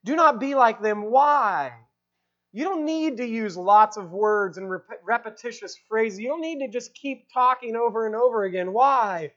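A woman's voice: fairly high pitch, animated, moderate pace, highs cut off. A woman preaching an expository sermon, stressing her points, asking rhetorical questions and repeating key phrases.

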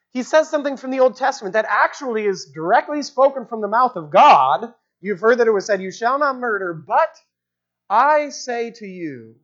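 A preacher giving an expository sermon, explaining the original language of a text and repeating key phrases for emphasis. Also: medium pitch. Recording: dull lo-fi recording.

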